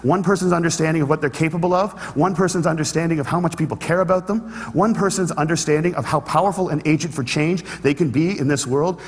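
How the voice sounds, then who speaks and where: A man giving a motivational talk to an audience, telling a story with humor and earnest conviction. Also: on the high side. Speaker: public speaker. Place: large hall with an audience. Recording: long hall reverb.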